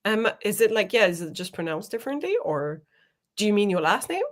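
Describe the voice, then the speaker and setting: Young woman, casual stream chat, quick asides, laughs a lot, mid-pitched. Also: big pitch swings. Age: young adult. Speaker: co-host of a writing sprint stream. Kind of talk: casual livestream chat reading comments.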